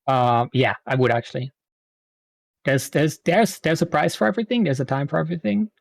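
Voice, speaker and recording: A man in his thirties, a streamer guest, telling stories in a lively way with frequent laughs. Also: on the high side, gravelly, no room sound. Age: 30s. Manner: animated storytelling, quick laughs. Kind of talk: casual interview chat.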